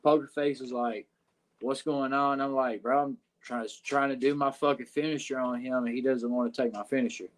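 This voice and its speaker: Profane, rambling Southern wrestler. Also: male voice, mid-range voice, fairly even intonation, moderate pace. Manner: profane, rambling, frequent "uh" and "you know what I'm saying". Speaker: wrestler guest. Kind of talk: casual podcast storytelling.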